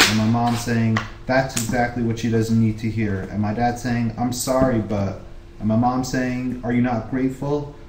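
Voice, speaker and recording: A man's voice: mid-range voice, darkish tone. Male co-reader, casual read-aloud, chatty, echoey room, slight hiss. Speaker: book club co-reader. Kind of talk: casual reading aloud of a novel. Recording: roomy echo, faint background hiss.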